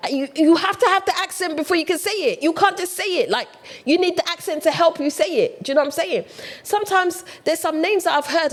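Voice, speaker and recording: A woman from Ghana, chatting casually to viewers in an opinion vlog, animated and full of rhetorical questions. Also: extremely high pitch, brisk. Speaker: vlogger.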